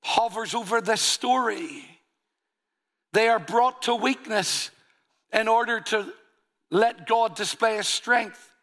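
A man's voice: sits high, slow pace, pauses often, fairly bright tone. A man preaching a sermon, earnest and full of rhetorical questions. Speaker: pastor.

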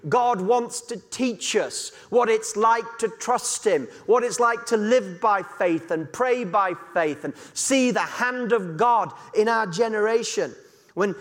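High-voiced impassioned preacher. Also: male voice. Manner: impassioned, building to shouts. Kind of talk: sermon. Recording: echoey hall reverb.

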